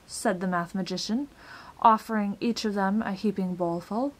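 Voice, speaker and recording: A woman reading a children's chapter book aloud with expressive storytelling. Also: medium pitch, moderate pace. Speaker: storybook reader.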